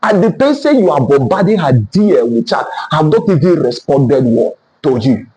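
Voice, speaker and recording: A man delivers relationship advice in a high voice that swings widely in pitch. He hammers his points home by repeating the same phrasing, and he speaks straight to the listener. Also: big pitch swings, normal speed, mellow, poor audio. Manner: emphatic and repetitive, lecturing the listener directly. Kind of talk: motivational relationship talk.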